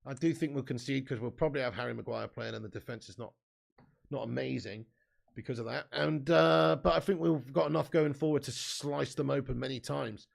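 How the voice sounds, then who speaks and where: A man's voice: mid-range voice, fairly quick, creaky. An English man hosting a live football watch-along, bantering with his chat, laughing often and reading comments aloud. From England. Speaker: live stream host.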